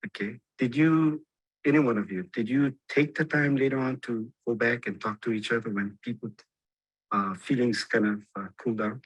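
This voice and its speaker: A man who guides a ho'oponopono mediation, asking calm, probing questions. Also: medium pitch, moderate pace, slightly rough, no room sound, highs cut off. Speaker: ho'oponopono facilitator. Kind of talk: guiding a role-play mediation.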